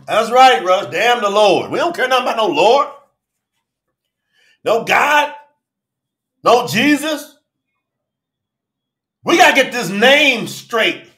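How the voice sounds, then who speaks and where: A man preaches a fervent livestream sermon in a high, lively voice that swoops up and down. He often shouts and calls out his viewers by name. His bright voice carries a roomy echo. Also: takes it slowly, long pauses. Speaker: preacher and channel host.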